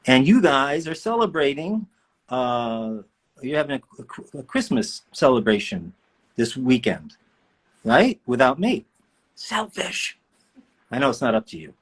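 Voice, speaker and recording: A man's voice: mid-range voice, very animated, measured pace, husky. A man, a voice actor, chats in a playful, joking way with fans while signing autographs on a livestream. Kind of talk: casual livestream chat. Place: indoor room.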